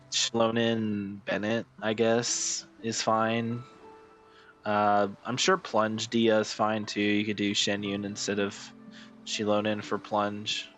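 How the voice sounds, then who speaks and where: Guy streaming and rambling to chat, kinda low voice, tons of "like", faint game music behind. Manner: rambling, many "like" fillers and restarts; gets excited and higher when amused. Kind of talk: casual chat with live chat while gaming.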